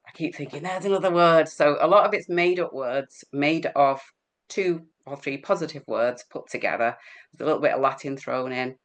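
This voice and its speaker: A middle-aged woman from England appears as a guest healer in an interview, chatting casually, rambling and laughing often. She has a bass voice and speaks at a normal speed.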